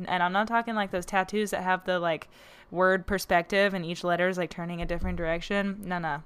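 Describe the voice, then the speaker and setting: A woman's voice: fairly low pitch, fairly even intonation, brisk, a bit bright, smooth. A young woman hosting her own podcast, chatting loosely and joking at her own expense, with lots of fillers and laughter. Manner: rambling and self-mocking, with frequent fillers; laughs often between thoughts. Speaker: podcast host. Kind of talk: casual solo podcast chat.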